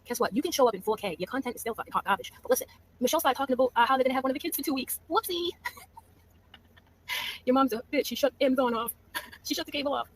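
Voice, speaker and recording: A woman's voice: high voice, racing, pauses often, a little hiss or hum. A woman hosting a gossip livestream, talking casually and mockingly with laughs. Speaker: livestream host.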